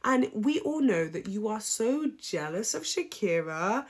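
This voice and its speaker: A woman giving a casual, opinionated recap, chatty and animated, with frequent ums. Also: medium pitch, unhurried. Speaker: reality show recap vlogger.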